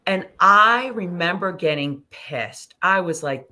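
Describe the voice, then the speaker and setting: A middle-aged woman speaks as a guest in a casual interview, her voice bright and sharp. She tells her stories slowly and animatedly, dropping the odd swear word and playing out what others said. Her voice sits a little low for a woman. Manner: animated, swears freely, acts out dialogue. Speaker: guest, ascension teacher and hypnosis practitioner.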